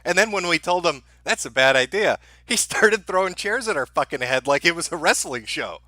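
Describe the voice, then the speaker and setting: A man's voice: sits high, brisk, pushed and bright, no room sound. A man hosting a livestream, mocking a played clip with profane, sarcastic commentary. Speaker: livestream host.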